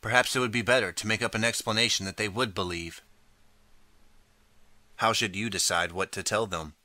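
Bright-toned man narrating an audiobook. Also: on the low side, steady tone, normal speed, dry recording. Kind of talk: second-person storybook narration.

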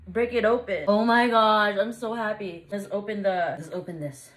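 A young woman vlogging casually, chatty and excitable, sometimes breaking into happy tears. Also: mid-range voice, normal speed, few pauses. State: out of breath. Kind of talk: casual vlog, opening an anniversary gift.

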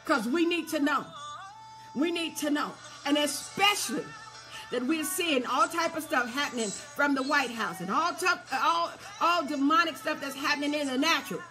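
High bright-voiced woman preaching. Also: moderate pace, soft background music. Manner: call-and-response preaching, repeated refrains, rising to shouts. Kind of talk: sermon.

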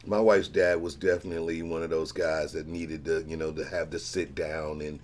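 A man's voice: rumbling low, flat delivery, normal speed, a little mellow, a little hiss or hum. A man, an actor, chatting casually and joking in a rambling way, with lots of restarts. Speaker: actor guest. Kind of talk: casual chat.

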